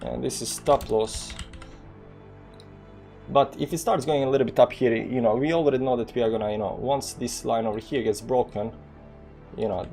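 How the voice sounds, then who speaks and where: A gravelly, dark, mid-range male voice carries casual, rambling live commentary on crypto trading, full of fillers and numbers read aloud. The speaker comes from the former Yugoslavia and has a Balkan accent.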